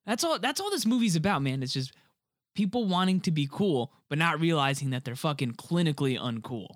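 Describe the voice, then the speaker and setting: A young man chatting casually about a movie, animated and joking, swearing freely. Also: fairly high pitch, dry recording, studio quality. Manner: animated, swears freely, quick jokey asides.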